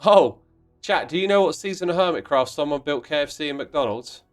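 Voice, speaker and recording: Animated, playful male livestream host. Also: fairly high pitch, brisk, faint music behind. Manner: playful, mock-indignant, exclamatory. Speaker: livestream host playing a block-building game. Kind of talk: casual livestream chat reading viewer messages.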